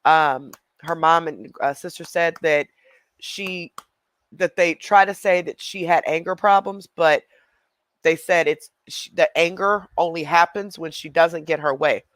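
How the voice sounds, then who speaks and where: A man's voice: a little high, steady tone, a little slow, a bit bright, no echo. A man hosting a reaction video, chatting casually and talking straight to his viewers. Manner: chatty, addresses viewers directly.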